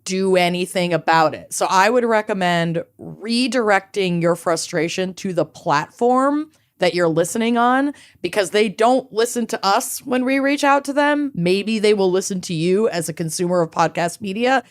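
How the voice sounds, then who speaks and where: A woman's voice: mid-range voice, moderate pace, few pauses. A woman co-hosting a podcast, chatting casually and emphatically. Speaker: podcast co-host. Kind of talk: casual chat.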